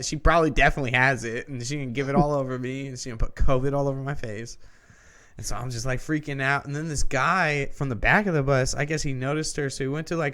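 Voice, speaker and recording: A man's voice: mid-range voice, a bit bright. A man co-hosting a podcast who tells a long story in a casual, rambling way, swearing often and restarting his sentences. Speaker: podcast co-host.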